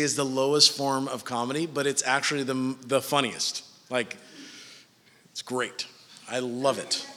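Bright-voiced preacher in an echoing hall. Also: male voice, mid-range voice. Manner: casual, joking asides. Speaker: pastor. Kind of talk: sermon.

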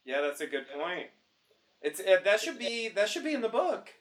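Slightly high man thinking aloud. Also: big pitch swings, moderate pace, fairly bright tone. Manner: hesitant, restarts often, thinking aloud. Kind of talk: casual chat.

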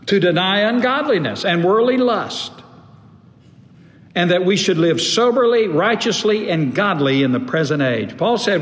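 A middle-aged man preaching a sermon as a pastor, emphatic, with long pauses and sudden drops to a low voice. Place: church sanctuary. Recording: echoey hall, faint room ambience.

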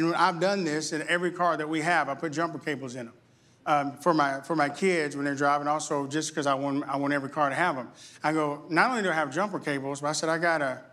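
A middle-aged male pastor preaching a sermon, telling a story with humor and acting out what people said. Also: a little high. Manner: animated storyteller, jokes and acts out quotes.

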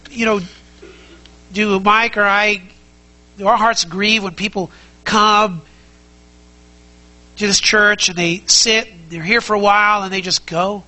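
A man's voice: high voice, pushed and bright, poor audio. A man preaching a sermon as pastor, conversational and emphatic, asking the congregation many rhetorical questions and repeating key phrases.

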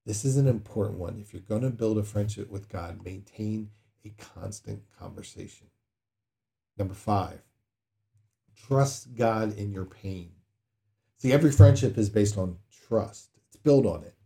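A pastor delivers a sermon conversationally in a lowish, mellow, unhurried voice with vocal fry. He acts out prayers, breaking into sudden dramatic outbursts.

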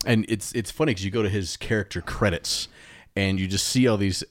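A man's voice: fairly low pitch, fairly quick, no echo, studio quality. A man co-hosting a podcast, chatting casually, joking and laughing as he reads out facts. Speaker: podcast co-host. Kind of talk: casual chat.

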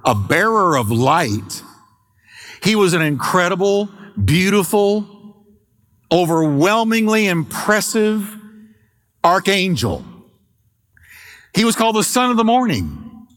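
A middle-aged man pastor preaching an emphatic sermon, slowing and stretching key words for weight. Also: high-pitched, a bit bright, long reverb tail. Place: church sanctuary.

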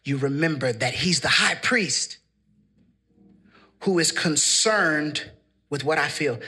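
A male pastor preaching an impassioned sermon in a church, building into shouted, repeated refrains. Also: fairly high pitch, animated, takes it slowly, pauses often.

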